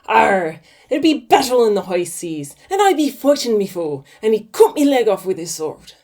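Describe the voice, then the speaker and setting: A woman voicing a gruff old male pirate who growls his words. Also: on the high side, sing-song, moderate pace, a little mellow, voice pushed up. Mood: boastful. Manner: growling "arr" pirate talk.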